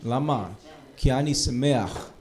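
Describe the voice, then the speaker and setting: A man teaching a live classroom lesson, lively and joking, urging his students like a preacher. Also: mid-range voice, fast talker. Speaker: Hebrew teacher.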